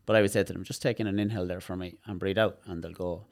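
Low-voiced Irish man explaining animatedly. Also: rapid-fire, creaky, dry recording, clean studio sound. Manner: animated, demonstrative, repeats words while explaining. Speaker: therapist, guest. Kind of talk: casual interview chat.

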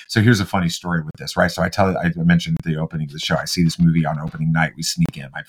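Deep-voiced middle-aged man telling a story. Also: breathy edge. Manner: storytelling, animated, halting restarts. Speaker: podcast co-host. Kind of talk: casual chat.

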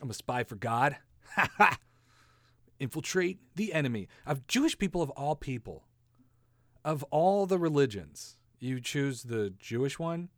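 A man's voice: medium pitch, lively intonation, measured pace, a bit bright, no room sound, clean studio sound. A man hosting a casual comedy podcast, rambling and sarcastic, swearing casually and laughing at his own jokes. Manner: swears casually, slips into silly voices. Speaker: podcast host.

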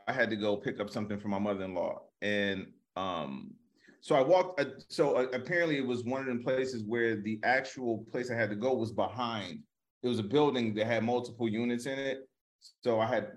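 Laid-back man telling a rambling story. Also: medium pitch. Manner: relaxed, rambling storytelling with laughs. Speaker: comedian co-host. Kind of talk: casual comedic podcast chat, storytelling.

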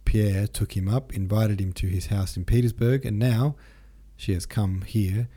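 A man's voice: on the low side, fairly even intonation, unhurried, dark tone, breathy edge. A man reading an audiobook, voicing a meek, pious middle-aged noblewoman who speaks in a confiding, sentimental way.

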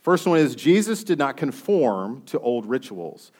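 A man's voice: medium pitch, very animated, measured pace, a little mellow, slightly rough. A man preaching a sermon. He reads scripture aloud and puts questions to his listeners in a conversational way.

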